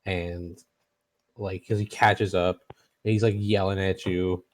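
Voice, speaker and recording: A man narrating a tabletop game as game master, in a halting way with many fillers and restarts. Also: sits low, level tone.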